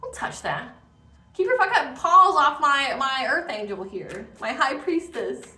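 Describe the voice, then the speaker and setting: A woman's voice: high-pitched, very animated, a little slow, sharp tone, distant mic, a little hiss or hum, voice pushed up, heavily acted. A woman voicing an angry, protective God who scolds an enemy with scorn. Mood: indignant scolding. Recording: echoey room, voice off-mic.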